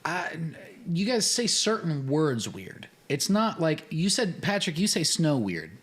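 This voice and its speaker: A man's voice: a little high, sing-song, unhurried, fairly bright tone. A man from Florida, a podcast guest, chatting casually and teasing the hosts, laughing often.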